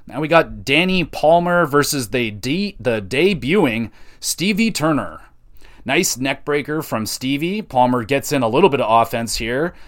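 Man, podcast host, rambling casual review, mid-pitched voice, loose fillers, offhand swearing.

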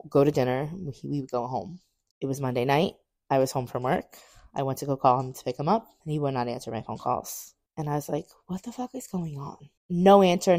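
Podcast co-host in her twenties with a low, dry voice. Candid storyteller who animates the dialogue she quotes. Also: gravelly, dry recording. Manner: animated, acts out quoted dialogue with big pitch jumps; candid, swears casually. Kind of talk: personal storytelling.

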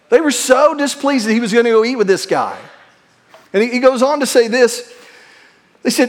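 A man preaching a sermon as pastor, leading the congregation in call-and-response and moving between quick asides and slow, hushed emphasis. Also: high-pitched, animated.

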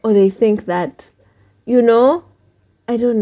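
A young woman with a Kenyan accent hosting a casual podcast chat, animated and swearing freely. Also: a little high, takes it slowly. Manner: animated, swears freely, mixes English and Sheng. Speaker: podcast host.

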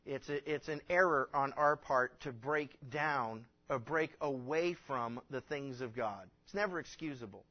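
A man's voice: medium pitch, measured pace, few pauses, dull audio. A man preaching a sermon as pastor, earnest and growing emphatic, with frequent restarts and fillers. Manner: earnest, rising to emphatic when quoting scripture.

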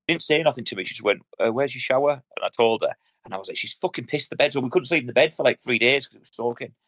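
A man, telling a crude story fast on a podcast, recorded from bed on a handheld mic. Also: mid-range voice, fairly bright tone, no room sound, rough recording. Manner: fast, swearing, laddish banter. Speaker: podcast co-host. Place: in bed at home. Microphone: handheld mic, sometimes covered by hand.

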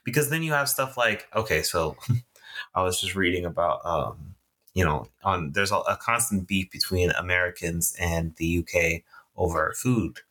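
A woman's voice: extremely low pitch, normal speed, a bit bright. A young woman from Houston, co-hosting a casual chat in a playful, teasing way. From Houston, Texas. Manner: playful, teasing, laughs often. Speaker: podcast co-host.

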